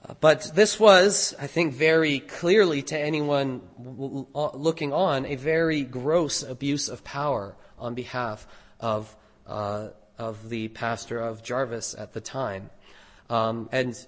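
A man delivering a sermon from the pulpit, earnest and deliberate. He tells his story in a measured way and leans hard into key phrases. His voice sits at an everyday middle pitch. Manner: earnest, deliberate preaching with emphatic rises. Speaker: pastor.

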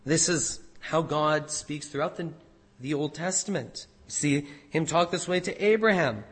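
A man preaching a sermon, emphatic, swinging between loud declarations and quiet, careful explanation. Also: on the high side, measured pace, husky. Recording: long reverb of a large hall.

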